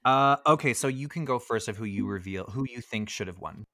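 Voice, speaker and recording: A man hosts a podcast in a casual, chatty way, often restarting his sentences. His tone is bright and forward, and his voice is recorded dry with no room sound. He gets animated when he retells scenes. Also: fairly low pitch, fairly quick, no room sound. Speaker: podcast host. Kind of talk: casual film discussion.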